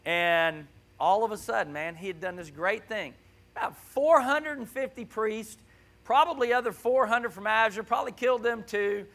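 A man preaching a conversational sermon in a church, animated and often checking in with his listeners. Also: sits high, gravelly. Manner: animated, keeps asking "right?".

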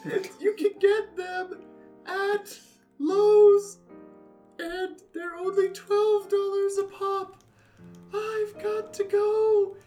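A man doing a giggly falsetto ad lady. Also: flat delivery, extremely slow, dark tone, distant mic, soft background music, full character voice. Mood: giddy. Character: bubbly woman hosting a bath product ad. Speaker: ad presenter. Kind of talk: parody commercial.

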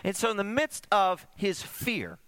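Guy preaching a sermon, voice all over the place up and down, bright, dry sound. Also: measured pace, smooth, no room sound. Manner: animated storytelling, swooping between high and hushed. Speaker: pastor.

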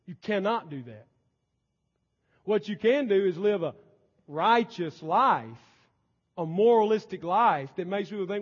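A man preaching a sermon in a high voice, pressing his points hard and then dropping his volume low. The sound is dull and lo-fi, with a long reverb trailing through the church sanctuary. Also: animated, measured pace, pauses often, slightly rough. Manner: emphatic preaching, swinging between loud and soft. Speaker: pastor.

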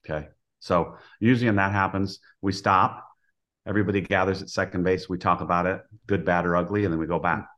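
Plainspoken male softball coach guest. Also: low voice, fairly even intonation, fairly quick. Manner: plainspoken, explanatory. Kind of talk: casual podcast interview.

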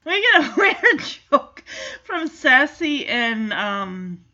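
A woman's voice: high-pitched, big pitch swings, slow pace, sharp tone, highs cut off. A woman giving a casual, chatty movie recap, reacting as she goes and leaning on "like" a lot. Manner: chatty, reactive, heavy use of "like".

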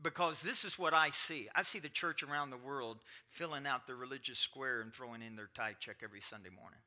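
A man's voice: medium pitch, a little fast, pushed and bright. A middle-aged man pastor giving a sermon, chatting plainly with the congregation and then building up to emphatic preaching. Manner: conversational, swinging to rising emphatic preaching.

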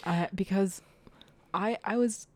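A young woman hosting a casual podcast chat, giggly and self-deprecating with quick joking asides. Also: mid-range voice, dry recording. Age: young adult. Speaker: podcast host.

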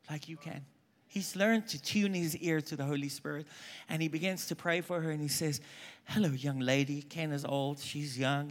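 A man preaching at a conference, telling stories animatedly and voicing the people he quotes. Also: fairly high pitch. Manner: animated storyteller, quoting people in hushed voices. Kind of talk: conference sermon with storytelling.

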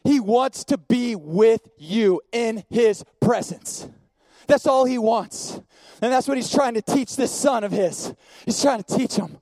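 High-pitched guy preaching, goes quiet then yells, dry close sound. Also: a little slow, no echo. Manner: repetitive preaching cadence, swings from hushed storytelling to shouting. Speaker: pastor. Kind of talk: sermon.

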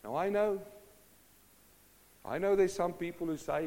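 A male preacher giving a sermon, swinging from hushed to loud and asking the congregation question after question. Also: fairly high pitch, very animated, unhurried, gravelly, long pauses. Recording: long hall reverb.

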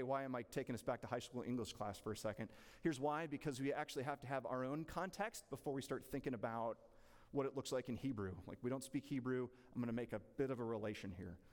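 A man teaching a church Bible class in a casual, chatty way, asking the room questions. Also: mid-range voice. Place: church hall. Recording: long reverb in a church hall.

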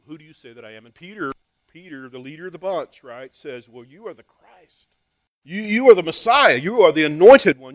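A man's voice: fairly high pitch, no room sound, poor audio. A male pastor preaching a conversational sermon to his church, often asking rhetorical questions and repeating words.

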